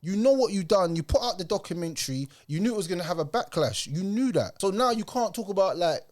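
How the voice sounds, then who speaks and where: A man's voice: high voice, expressive, quick pace, darkish tone. Heated British man reacting. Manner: heated, emphatic street talk. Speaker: reaction video host. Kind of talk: casual reaction commentary.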